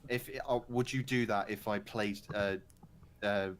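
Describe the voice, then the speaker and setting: A man's voice: on the low side, fairly even intonation, a little slow. A man hosting a casual chat podcast, joking and blunt, swearing freely. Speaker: podcast host.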